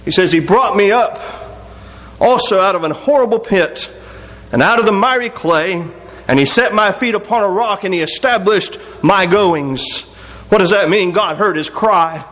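High-voiced earnest preacher man. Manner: earnest preaching, swinging between soft slow low passages and higher raised appeals; reads scripture in old-fashioned wording. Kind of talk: sermon.

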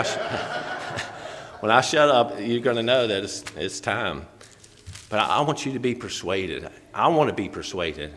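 A man's voice: mid-range voice, a bit bright, in a large hall. A man preaching a sermon in a church, fervent, repeating key phrases and chuckling between them.

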